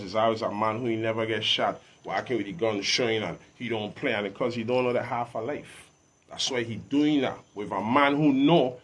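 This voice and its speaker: A guest artist from the Virgin Islands chats casually in a laid-back interview. His voice sits in an ordinary middle range for a man with a fairly bright tone, and he talks with emphatic street swagger.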